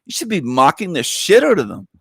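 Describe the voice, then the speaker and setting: A man's voice: huge pitch swings, a little fast, gravelly, fairly bright tone, breathy edge, no room sound, studio quality. A man hosting a livestream show, ranting in a mocking, profane, combative way and slipping into sarcastic whiny impressions. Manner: sarcastic, with falsetto whining impressions.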